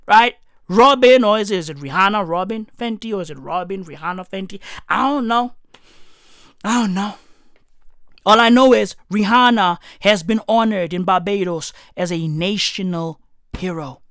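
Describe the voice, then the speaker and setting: A young adult woman from South Africa with a South African accent, delivering a loud, profane comedic rant, often shouting. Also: medium pitch, moderate pace, no room sound, clean studio sound.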